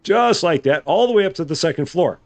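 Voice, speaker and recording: A man's voice: a little high, animated, a little fast. A man giving casual live gameplay commentary as a streamer, chatty and good-humored, thinking aloud. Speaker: game streamer.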